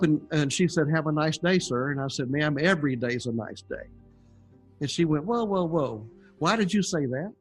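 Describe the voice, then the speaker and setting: Older man, folksy chuckling storyteller, slightly high voice, faint music underneath. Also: breathy edge. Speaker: guest sharing near-death testimony. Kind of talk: casual storytelling interview.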